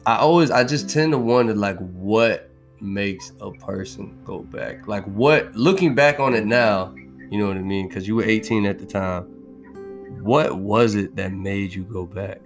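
A man's voice: on the low side, unhurried, soft background music. A man interviewing a guest, asking questions hesitantly with many restarts and "like"s. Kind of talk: podcast interview.

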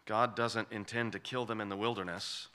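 A man's voice: fairly low pitch, flat delivery, moderate pace, pushed and bright. A man preaching an expository sermon, emphatic and repeating key phrases for weight.

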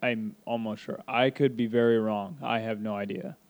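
Casual co-host with a smooth, even voice. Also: medium pitch, dull audio. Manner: casual, quick reactions and asides. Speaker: podcast co-host. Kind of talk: casual true-crime chat.

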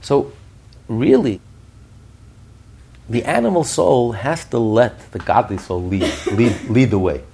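A man giving a podcast Torah class, telling stories in an animated way with frequent restarts and chuckles. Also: medium pitch, slow pace, gravelly, long pauses, slightly rough. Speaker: Torah teacher.

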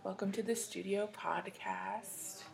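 A woman hosting a podcast in casual chat, rambling and chatty with plenty of fillers and soft asides. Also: mid-range voice, steady tone, slow, creaky. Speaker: podcast host.

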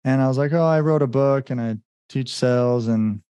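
Speaking from home in Mexico, a man who works as a business coach tells his story as a guest, rambling casually with plenty of fillers and quotes he acts out. The voice is mid-range and mellow, with a clean tone, normal speed, and no echo.

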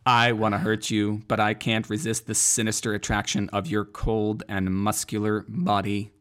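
A man's voice: on the low side, completely flat delivery, normal speed, fairly bright tone, natural voice. A man voicing a lovesick female robot in a comic skit, reading melodramatic lines. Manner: melodramatic, read aloud.

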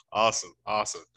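A man's voice: lowish voice, sharp tone, husky, low-quality recording. A man hosting an interview who responds with eager, affirming enthusiasm. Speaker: podcast host. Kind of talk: interview questions.

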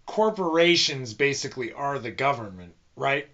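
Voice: mid-range voice, animated, moderate pace, a bit bright, highs cut off. Wry, argumentative podcast co-host. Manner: wry, argumentative, swears casually. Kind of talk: casual profane banter.

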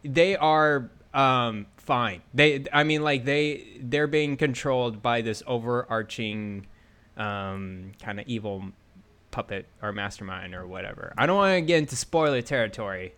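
Male co-host, mid-pitched, excitable casual gamer chatter, loose trailing sentences. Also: measured pace, clean tone. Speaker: podcast co-host. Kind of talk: casual gaming podcast chat.

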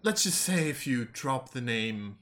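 A man acting as game master in a casual tabletop session, jokey and quick to laugh. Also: mid-range voice, very animated, a bit bright, slight background noise.

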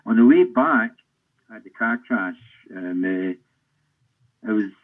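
An older Scottish man, a former footballer, telling rambling anecdotes in an interview with a husky voice. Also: on the low side, unhurried. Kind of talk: storytelling interview. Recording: tinny phone-like line.

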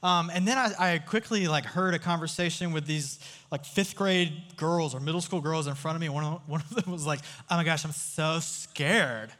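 A man's voice: fairly high pitch, a little fast, hardly any pauses, fairly bright tone. A man giving a casual, storytelling sermon to a live crowd, chatty and joking, often asking the audience questions. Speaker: youth speaker. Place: large room with a live audience. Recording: long hall reverb.

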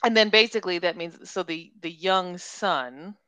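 A woman's voice: lowish voice, normal speed, pushed and bright, no room sound. A young adult woman co-hosting a casual book chat, retelling scenes and giggling. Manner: chatty, retells scenes with quoted voices, giggles. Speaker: podcast co-host.

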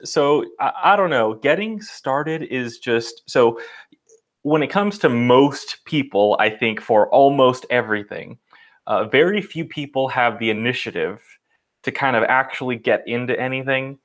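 A man co-hosting a podcast in a relaxed, casual way, laughing easily and using lots of fillers. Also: medium pitch, a little slow. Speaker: podcast co-host.

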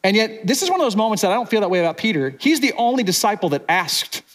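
A man delivering a sermon in a relaxed, chatty style, with a slightly higher than average voice for a man. He acts out what the people in the story are thinking, then drops low and quiet for the weighty moments. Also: fast talker. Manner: casual, conversational preaching with many "like"s, acting out the disciples' thoughts. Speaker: pastor.

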